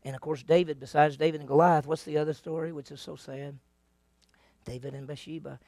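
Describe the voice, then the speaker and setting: Brisk and fairly high-pitched with vocal fry, a man teaches a Bible lesson in a recording with no room sound. He brings the stories to life with energy, quizzing the class and acting out the voices.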